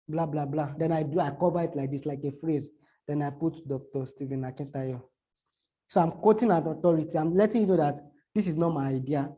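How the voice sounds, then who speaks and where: A social media marketing teacher explains online marketing to a small audience, halting and repeating himself. His fairly high voice is mellow and soft-edged, and he often stops to act out short examples.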